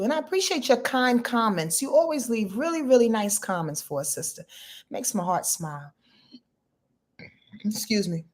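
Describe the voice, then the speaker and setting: Lying in her bed at home, a woman in her fifties runs a casual astrology livestream. Her voice is fairly high, and she sounds sleepy and chatty, addressing viewers directly in loose slang.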